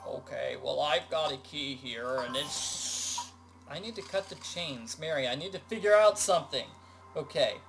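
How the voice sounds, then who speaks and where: A man voicing a slow, low-drawling male frog while game music plays behind him. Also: creaky, background noise. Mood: slow, croaky.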